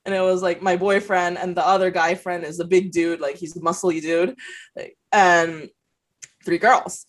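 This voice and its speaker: A young adult woman, a podcast co-host, telling a story in casual chat. She is animated, laughs often between her words and swears freely. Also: lowish voice, normal speed.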